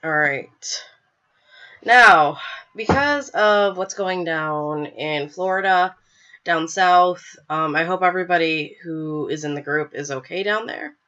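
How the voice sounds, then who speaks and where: Woman host with a cold, stuffy, bright and forceful, chatty and a bit apologetic, dull webcam sound. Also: fairly low pitch, slow. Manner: chatty, filler-heavy, apologetic. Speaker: podcast host. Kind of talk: casual live show chat.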